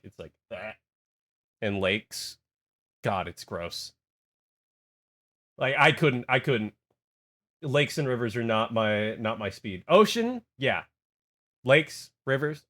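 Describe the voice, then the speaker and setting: A young adult man with a medium-pitched voice chats casually on a live stream. He rambles and reacts to his chat in an animated, jokey way.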